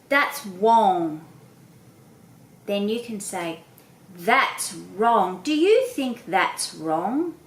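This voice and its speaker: A woman patiently explaining children's speech sounds to parents, sounding out each sound slowly and clearly. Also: medium pitch, roomy sound, slight background noise, low-quality recording. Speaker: literacy educator. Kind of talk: instructional talk to parents.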